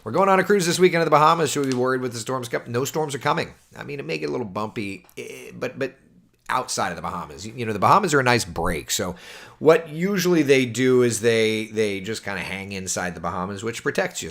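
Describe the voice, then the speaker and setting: This man, a television meteorologist, keeps a quick pace on a casual livestream, with a mid-range voice touched by vocal fry. Animated and talkative, he reads comments aloud and responds to viewers' questions.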